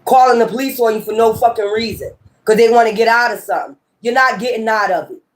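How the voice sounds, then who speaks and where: A high-voiced woman talks to her viewers as a tarot reader in a loose, heated monologue. She presses her points hard, swears freely and circles back to the same phrases again and again. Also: fast talker. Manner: emphatic, profane and repetitive. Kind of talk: casual ranting monologue.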